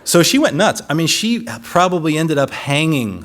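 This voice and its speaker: A man giving a design lecture, telling stories in an animated way and often laughing. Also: fairly high pitch, moderate pace, slight background noise. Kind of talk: lecture with anecdotes.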